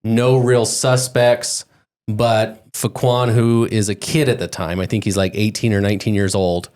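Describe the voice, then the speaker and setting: A man's voice: fairly low pitch, little pitch movement, measured pace, a little mellow. A man hosting a podcast, steering the conversation and walking through news cases. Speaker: podcast host. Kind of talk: casual podcast chat.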